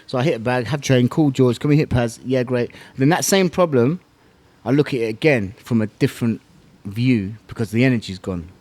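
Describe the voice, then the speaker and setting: A man's voice: medium pitch, brisk, a little mellow, dry recording. A man, a former fighter and podcast guest, telling his story bluntly, swearing and using slang. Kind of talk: casual interview talk.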